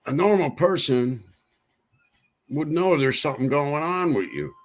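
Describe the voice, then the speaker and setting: A man's voice: on the high side, expressive, unhurried. A man hosting a livestream, venting in a casual monologue with exasperation and repeating himself for emphasis. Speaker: livestream host.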